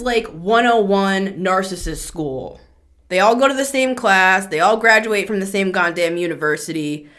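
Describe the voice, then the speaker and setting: A woman's voice: medium pitch, fairly bright tone. Chatty, blunt woman tarot reader. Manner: chatty and blunt, heavy on fillers, occasional swearing. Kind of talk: casual spoken tarot reading.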